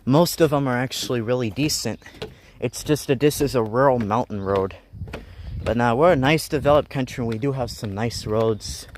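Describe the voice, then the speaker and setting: A man's voice: medium pitch, normal speed, a little hiss or hum. Rambling young man vlogging outdoors. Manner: rambling, joking and griping. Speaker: live-streaming explorer. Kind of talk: casual live-stream vlog. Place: outdoors on a rural mountain road, walking.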